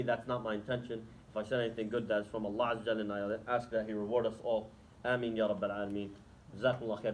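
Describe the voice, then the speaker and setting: A man's voice: mid-range voice, slight background noise, poor audio. A man giving an Islamic lecture to students, talking conversationally and asking the audience rhetorical questions, then taking questions. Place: lecture room.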